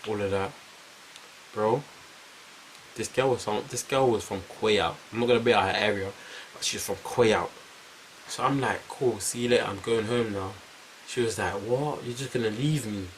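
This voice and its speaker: A young man with a London accent telling a casual story to camera, animated and repetitive, full of street slang. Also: on the low side, normal speed, pauses often, a little hiss or hum, low-quality recording. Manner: animated, repeats phrases, heavy slang. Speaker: vlogger.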